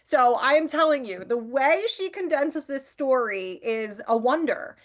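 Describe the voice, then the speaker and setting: Woman curator, host; slightly high-pitched, eager and friendly in conversation. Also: expressive, unhurried. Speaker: museum curator, interview host. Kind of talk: hosted interview conversation.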